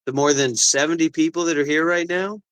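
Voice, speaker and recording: A man's voice: fairly high pitch, fairly even intonation, fairly quick, fairly bright tone, smooth, rough recording. A man co-hosting a livestream, ranting and mocking in casual chat. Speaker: livestream co-host.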